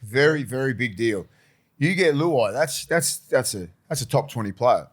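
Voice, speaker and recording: A man's voice: mid-range voice, expressive, moderate pace. A man chatting casually as a podcast co-host, rambling and laid-back, swearing now and then. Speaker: podcast co-host, former player. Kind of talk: casual chat.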